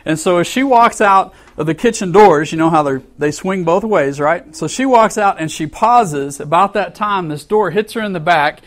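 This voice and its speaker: A man with a high-pitched voice delivers a sermon built around a story, speaking at normal speed with few pauses. He's animated, acting out the angry quotes and chuckling along with his congregation.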